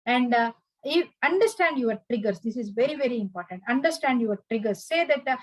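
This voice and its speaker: A woman's voice: a little high, animated, a little fast, no room sound, rough recording. A woman giving an earnest advice lecture, full of fillers and restarts. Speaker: instructor.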